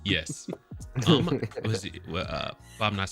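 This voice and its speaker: A low-pitched man with a bright, forward tone hosts a casual live stream panel. He jokes around, laughs easily and reads out messages from the chat. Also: very animated, normal speed, soft background music. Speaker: livestream panel host.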